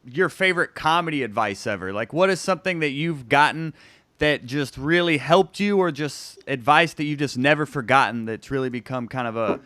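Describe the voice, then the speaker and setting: A man's voice: medium pitch, sharp tone, dry recording. A man hosting a casual interview over a video call, asking questions and laughing along. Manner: quick affirmations, laughs along. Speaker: host.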